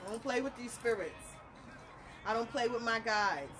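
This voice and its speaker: A woman, a spiritual reader talking casually to her viewers, animated and blunt, laughing through her stories. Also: fairly high pitch, moderate pace, noisy background. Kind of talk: casual live talk to viewers.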